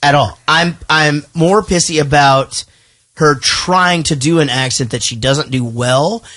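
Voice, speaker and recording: A man's voice: fairly high pitch, unhurried, a bit bright. A man hosting a podcast in casual chat. He rambles and swears freely. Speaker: podcast host.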